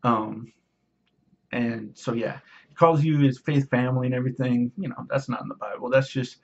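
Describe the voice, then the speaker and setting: Husky guy ranting to his channel, sarcastic and preachy, dull lo-fi sound. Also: mid-range voice, steady tone, normal speed. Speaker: YouTuber. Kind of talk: casual rant to camera.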